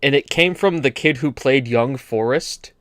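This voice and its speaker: A man hosting a casual podcast chat, animated and quick to slip into mock accents. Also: medium pitch, no echo, studio quality. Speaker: podcast host.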